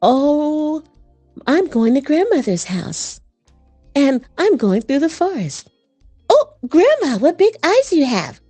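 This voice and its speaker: A woman's voice: high voice, wildly swooping pitch, slow, warm tone, no room sound, soft background music, voice pushed up, exaggerated voice. A woman voicing a little girl walking through the forest to her grandmother's house, in a sing-song storybook manner. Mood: wide-eyed.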